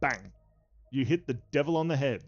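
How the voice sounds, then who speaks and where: A man in the game master's seat describes the scene at an easy pace, dropping filler sounds as he goes. His voice sits at an ordinary middle pitch. The recording is a little dull and lo-fi. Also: moderate pace, gravelly, no echo. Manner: relaxed narration with frequent filler sounds. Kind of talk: narrating a tabletop game.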